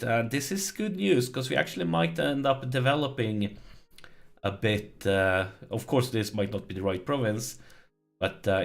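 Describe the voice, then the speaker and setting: Low gravelly guy doing let's play commentary, begs the game a lot, faint music behind. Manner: excitable, pleading and groaning at the game.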